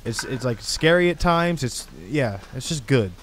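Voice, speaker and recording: A man hosting a gaming channel, giving excitable, slangy commentary as he plays a horror game. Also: medium pitch, normal speed, slight background noise. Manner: excitable, exclamatory, casual slang. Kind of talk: let's play commentary.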